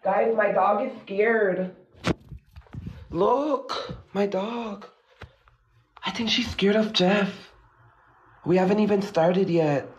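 A nervous, theatrical man chatting on a phone live stream, his voice sitting a little high. The sound is echoey and dull, picked up by a phone leaning against a mirror. He swings between jittery fear and gushing thanks to his viewers. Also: slow pace, long pauses, slight background noise. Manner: dramatic, jittery, gushes at viewers. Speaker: livestream host. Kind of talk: casual live-stream chat. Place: dim room at home at night. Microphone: phone propped against a mirror.

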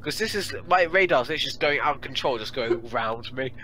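A man's voice: medium pitch, animated, moderate pace, a crowd in the background. A man in casual gaming chat, teasing his friends and repeating catchphrases.

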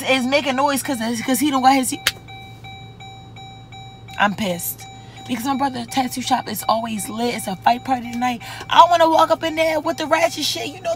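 Young woman from baltimore, tipsy, cursing, casual car vlog, higher voice, faint music behind. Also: fairly bright tone. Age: 20s. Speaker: vlogger. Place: in a parked car. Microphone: handheld camera.

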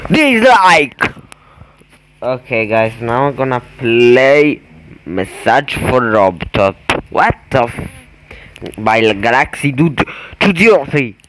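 A man doing casual gameplay commentary as a gaming YouTuber, erratic and exclamatory, swinging between mumbles and yells. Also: mid-range voice, expressive, slow, slight background noise, low-quality recording.

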